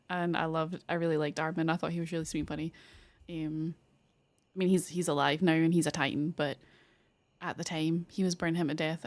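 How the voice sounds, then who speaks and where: A young woman streamer talks casually in a mid-pitched voice, rambling and gushing with plenty of fillers. She swears now and then and drifts from thought to thought. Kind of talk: casual chat.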